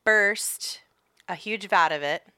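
Bright-voiced woman podcast co-host, swearing. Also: mid-range voice, takes it slowly, clean tone, dry recording. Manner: swears freely, laughs, reads history notes aloud. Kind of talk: casual podcast chat.

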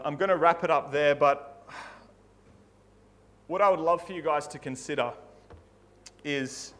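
A man's voice: medium pitch, a bit bright. A man preaching a sermon in a church, earnest and conversational, often restarting his phrases. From Australia. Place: church hall.

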